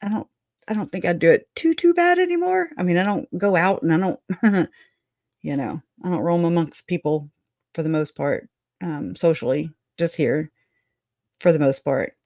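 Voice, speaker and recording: A woman's voice: sits low, normal speed, darkish tone, no echo, clean studio sound. A woman hosting a true crime livestream, rambling, laughing often and teary as she chats. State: crying. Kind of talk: emotional livestream chat.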